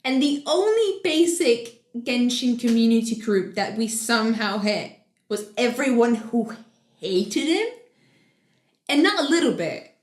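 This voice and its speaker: A young woman co-hosting a podcast, rambling excitedly in casual chat. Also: a little high, a little slow. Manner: excitable, rambling fan talk. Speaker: podcast co-host. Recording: echoey room.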